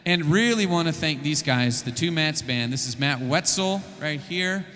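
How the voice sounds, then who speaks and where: A man's voice: on the high side, expressive, normal speed, a bit bright, long reverb tail. A man speaking from a café stage between songs, thanking his band and audience in a casual, hesitant way full of fillers. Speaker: worship musician thanking the audience. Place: live café venue with a PA.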